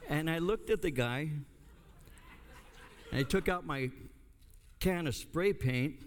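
Preaching a sermon, an older pastor from the United States tells a story sprinkled with comic asides. He speaks slowly in a higher-leaning voice, with long hall reverb and a little hiss or hum in the recording.

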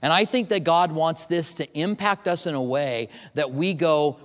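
A middle-aged man preaching a sermon, telling a personal story with animated, self-mocking humor. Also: on the high side, normal speed, hardly any pauses. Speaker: pastor. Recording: long reverb of a large hall.

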